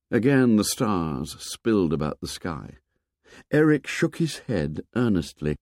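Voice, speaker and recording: A man narrating an audiobook in a measured, expressive way. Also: low-pitched, no echo, studio quality.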